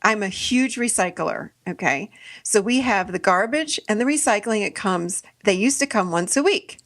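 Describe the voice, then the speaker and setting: A woman's voice: medium pitch, lively intonation, moderate pace, fairly bright tone. A middle-aged woman hosting a podcast, telling a story casually, laughing often and acting out her own lines. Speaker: podcast host.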